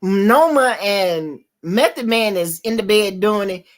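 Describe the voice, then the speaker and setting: Woman w/ aave retelling a tv episode, swears a lot, pitch all over the place. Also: slow. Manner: animated storytelling, acts out quotes, swears freely. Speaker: host. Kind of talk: casual chat recapping a TV episode.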